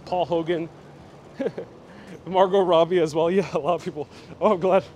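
A man with a fairly high, fairly even, darkish voice at normal speed hosts a live walking tour, filmed on a handheld phone on a gimbal with a bit of hiss or hum. Passing outdoors and through a busy city station, he keeps things jokey and chatty, reading out and reacting to viewer comments.

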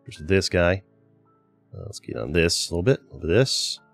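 Lively low-voiced man commenting on gameplay. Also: moderate pace, creaky, soft background music. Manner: chatty, exasperated outbursts at teammates. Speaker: gaming channel host. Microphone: desk microphone.

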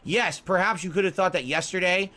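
A man's voice: sits high, fairly quick, pushed and bright. A man in his forties, a gaming streamer, ranting defensively and scolding his audience on his podcast stream. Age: 40s.

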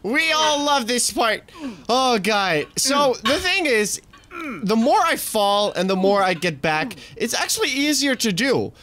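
A man hosting a let's play, commenting on his game and getting frustrated, swearing, talking himself down and shouting at the game. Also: extremely high pitch, sing-song, unhurried, a little hiss or hum. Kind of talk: gaming commentary.

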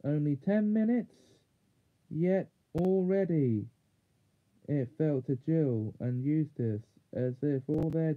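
Slow-reading man, tinny phone-like sound. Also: medium pitch. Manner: slow, measured, small slips corrected. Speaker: audiobook reader. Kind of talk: chapter book read-aloud.

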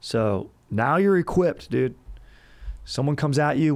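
A young man hosting a comedic history podcast in a loose, rowdy, jokey way with sudden shouted bursts. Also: a little high, lively intonation, slow. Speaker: podcast host.

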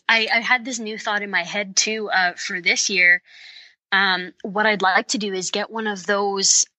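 Woman podcast guest, bright and forceful tone, dry close sound, eager step-by-step explainer. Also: mid-range voice, no echo, poor audio. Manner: enthusiastic, practical, talks it through step by step. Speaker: guest, bowhunter and fitness coach. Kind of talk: podcast interview, explaining tips.

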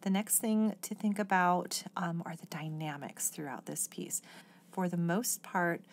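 Middle-aged female oboe teacher, slightly low voice, patient and clear in her explanations. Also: fairly even intonation, unhurried. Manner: patient, explanatory, sings example phrases. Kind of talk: instructional music lesson.

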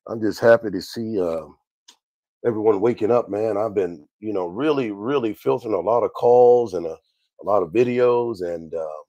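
A man's voice: sits low, mellow, no echo. A man hosting a livestream Bible teaching, greeting viewers one by one by name and often repeating his phrases. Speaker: minister and livestream host.

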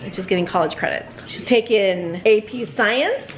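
A woman's voice: mid-range voice, normal speed, soft background music. A woman talking in a casual family vlog, chatty and proud, laughing often. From Seattle area, USA. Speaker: vlogger mom.

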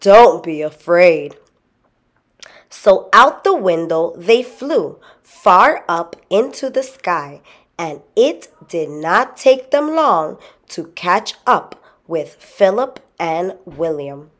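Woman reading a kids book aloud, slow and lively, really expressive. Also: fairly low pitch. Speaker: storybook reader. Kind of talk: children's story read-aloud.

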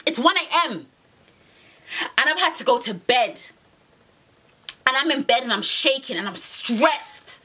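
Lively, exasperated young woman. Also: high-pitched, measured pace, long pauses. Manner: animated, exasperated, slangy, repeats phrases. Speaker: vlogger. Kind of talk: storytime monologue.

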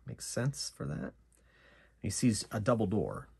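A man's voice: lowish voice, very animated, a little slow, gravelly, a little mellow, breathy edge. A man narrating and playing a solo tabletop game, musing aloud over his rolls and choices. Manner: musing, talks himself through dice rolls and choices. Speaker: solo game master and player.

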